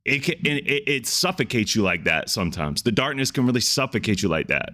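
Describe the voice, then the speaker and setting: A man's voice: medium pitch, big pitch swings, fairly quick, bright, forceful tone. A man hosting a music reaction video, talking in an earnest, reflective way and often restarting his sentences. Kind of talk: casual reaction commentary.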